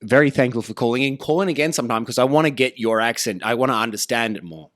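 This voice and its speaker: A man's voice: mid-range voice, fast talker, fairly bright tone, no echo, studio quality. A man hosting a podcast, chatting casually and playfully, laughing often. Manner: playful, laughing, does silly voices. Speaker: podcast host.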